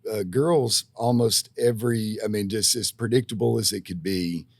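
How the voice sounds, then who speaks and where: A man's voice: lowish voice, normal speed, gravelly, dry recording, studio quality. A man, a physical therapist guest on a podcast, talking casually with many restarts and folksy stories. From Tennessee, USA. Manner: rambling, many restarts and fillers, folksy storytelling. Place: podcast studio.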